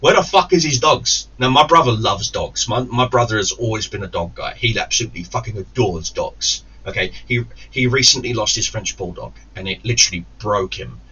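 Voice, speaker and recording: A man's voice: fairly low pitch, brisk, hardly any pauses, pushed and bright, husky. Foul-mouthed man telling a story. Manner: profane, swearing constantly, restarts and stammers; quotes others in raised voices. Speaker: gaming YouTuber. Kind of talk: storytelling rant. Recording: distant muffled mic with faint hiss.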